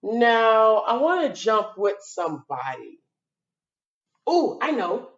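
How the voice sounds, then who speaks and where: A woman teaching a children's video lesson, sounding out letters and repeating words slowly at a whiteboard. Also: a little high, big pitch swings, highs cut off.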